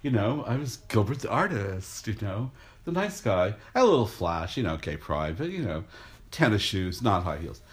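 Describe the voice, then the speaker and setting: An older man, an artist, telling an animated anecdote and acting out the crowd's voices with gasps. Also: lowish voice, moderate pace. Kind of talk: storytelling anecdote.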